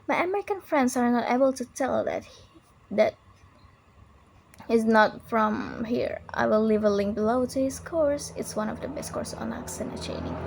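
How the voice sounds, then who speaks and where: Mellow young woman reciting a pronunciation tutorial. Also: fairly high pitch, gravelly, a little hiss or hum. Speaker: English learner giving pronunciation tips. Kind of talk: recited tutorial monologue imitating a video.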